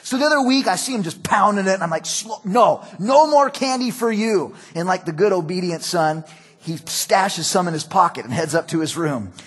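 A man's voice: sits high, expressive, brisk, a bit bright, slightly rough. A middle-aged male pastor preaching a sermon in a conversational, storytelling way. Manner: conversational, storytelling with acted quotes.

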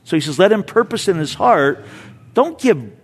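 A man's voice: high-pitched, moderate pace, husky. A male pastor preaching a sermon and reading scripture, acting out quoted speech and repeating words as he restarts. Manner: animated, acts out quoted speech. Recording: long hall reverb.

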